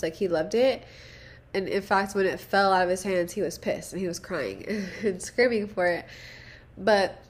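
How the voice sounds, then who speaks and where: A young woman hosting a casual solo podcast, rambling and profane, self-deprecating, with nervous laughs. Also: medium pitch. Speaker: podcast host.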